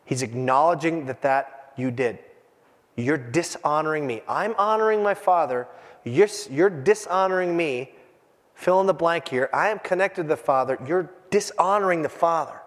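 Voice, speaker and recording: Animated male pastor, high voice, long hall echo. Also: normal speed. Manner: animated, acts out the quoted voices. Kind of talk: sermon. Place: church. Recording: hall reverb.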